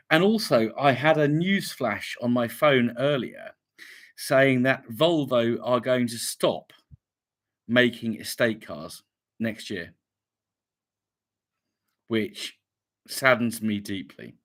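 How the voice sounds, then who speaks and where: A man's voice: mid-range voice, slow, pauses often. Chatty man reading comments. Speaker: YouTube channel host. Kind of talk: casual live stream chat.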